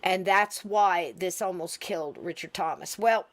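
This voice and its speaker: A woman's voice: lowish voice, unhurried. A woman co-hosting a podcast, chatting casually and animatedly about paranormal video clips, often laughing. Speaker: podcast co-host.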